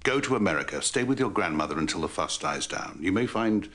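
Period drama: a firm, loving aristocratic father, low and expressive. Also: fairly quick. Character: loving aristocratic father, middle-aged man.

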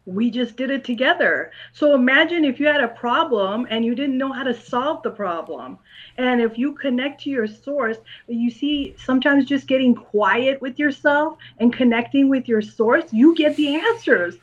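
Calm higher-pitched woman, dull recording. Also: normal speed. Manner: calm, patient explaining in simple terms to a young interviewer. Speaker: guest, school psychologist and clairvoyant. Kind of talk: interview answers.

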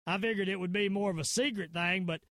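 High-voiced Southern man ranting. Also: fast talker, fairly bright tone. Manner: rambling and emphatic, with frequent fillers and restarts. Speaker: podcast host. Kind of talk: casual conspiracy-minded rant.

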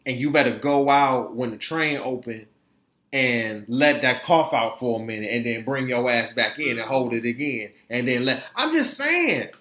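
Animated profane man ranting in an echoey room. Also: mid-range voice, normal speed. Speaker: podcast co-host. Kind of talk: casual chat.

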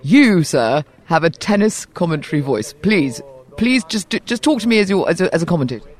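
A woman's voice: lowish voice, brisk. Posh english lady host, joking around with a guest outdoors, voice jumps all over. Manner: playful, teasing, animated. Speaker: podcast host. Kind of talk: casual chat interview on site. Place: outdoors at a tennis venue.

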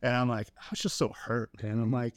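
A middle-aged man in candid podcast conversation, earnest and openly emotional, with a casual habit of calling people "man" and "dude". His voice sits at an ordinary pitch and sounds close and dry, with no room around it. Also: steady tone, brisk, dry recording. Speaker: podcast guest.

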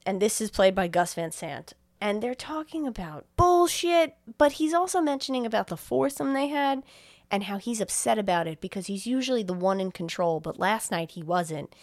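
A woman's voice: medium pitch, expressive, moderate pace, no room sound, clean studio sound. A woman co-hosting a podcast, recapping a film in casual chat, swearing freely and acting out quoted lines.

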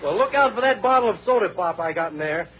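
A man's voice: high voice, animated, fast, over a noisy crowd. Jokey comic who laughs at his gags. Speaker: comedian host. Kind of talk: 1930s radio comedy. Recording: tinny old radio broadcast, loud audience, hiss.

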